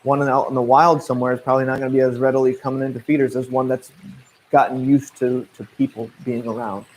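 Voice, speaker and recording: A man in his thirties with a Midwestern US accent talks through viewer questions as a naturalist guide. His pitch is ordinary for a man, and his delivery is relaxed and conversational, with plenty of fillers and restarts. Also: quick pace, a little hiss or hum, low-quality recording. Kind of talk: casual livestream Q&A.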